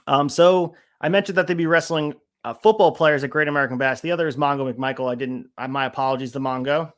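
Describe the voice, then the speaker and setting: A man's voice: mid-range voice, quick pace, fairly bright tone. Man talking wrestling on a podcast. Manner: methodical, walks through notes on each segment. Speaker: podcast co-host. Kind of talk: casual podcast chat.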